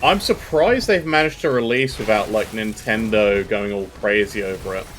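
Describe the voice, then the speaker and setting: A man's voice: on the low side, moderate pace, fairly bright tone. A British man chatting casually with viewers while streaming a game, joking and rambling as he talks. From Britain. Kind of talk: casual live-stream chat.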